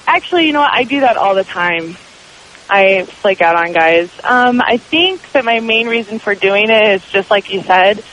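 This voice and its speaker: A woman's voice: mid-range voice, fairly bright tone, a little hiss or hum, poor audio. A woman calling in to a radio talk show, answering hesitantly with many fillers. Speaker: caller. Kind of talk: call-in radio conversation.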